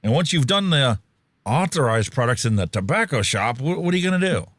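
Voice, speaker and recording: A man's voice: medium pitch, big pitch swings, fairly quick, fairly bright tone, no echo. A man co-hosting a casual podcast talk show, rambling with lots of fillers and dad jokes. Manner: jokey, rambling, many fillers. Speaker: podcast co-host.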